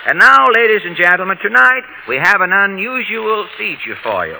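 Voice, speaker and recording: A man hosting a live radio variety show, telling jokes in a dry, deadpan way. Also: high voice, normal speed, creaky, poor audio. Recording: hissy 1930s radio broadcast.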